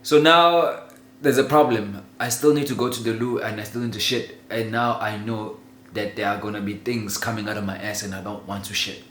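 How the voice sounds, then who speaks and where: A man telling a childhood story in a casual, animated way, laughing often and swearing freely. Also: lowish voice, brisk. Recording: roomy echo with faint ambient noise.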